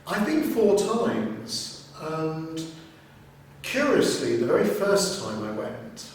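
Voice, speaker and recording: A man, a deacon, being interviewed, telling his story at a measured pace with pauses. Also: on the high side, big pitch swings, recorded from a distance. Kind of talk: conversational interview. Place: large reverberant room in a seminary. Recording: very echoey room, voice off-mic, faint noise.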